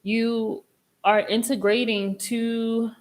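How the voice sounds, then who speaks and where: A young woman hosting a casual live tarot reading, chatty and expressive, with a reassuring tone and casual swearing. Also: on the high side, slow pace. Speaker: tarot reader and live stream host.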